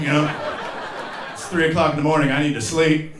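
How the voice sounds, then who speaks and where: A man's voice: a little high, fairly even intonation, fast, background noise. A man in his forties doing a live stand-up comedy set, telling profane stories with acted-out voices and sudden yelps. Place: theater stage before a laughing audience. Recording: roomy live venue with crowd laughter. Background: audience laughter.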